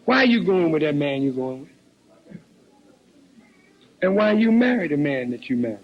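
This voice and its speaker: Older preacher with a husky, lively voice. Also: male voice, moderate pace. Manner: preaching, swinging from low murmurs to high shouts. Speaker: minister. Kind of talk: sermon. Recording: dull lo-fi recording.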